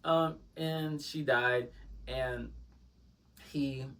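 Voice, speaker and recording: A man's voice: medium pitch, fairly even intonation, drawn-out words, fairly bright tone. Man, storytime vlogger, rambling, filler-heavy, dramatic asides, slightly distant mic. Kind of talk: casual storytime chat.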